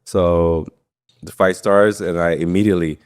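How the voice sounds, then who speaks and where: A man's voice: low-pitched, steady tone, normal speed, darkish tone, clear, resonant tone. A young man, a fighter, telling his story in a casual interview, rambling with lots of fillers and swearing freely. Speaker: guest, professional MMA fighter.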